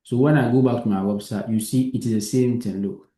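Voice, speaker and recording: A man's voice: medium pitch, steady tone, fairly quick, mellow, echoey room. A man teaching a live coding lesson, patient, who keeps asking if his student understands. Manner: patient, repeats himself and checks understanding.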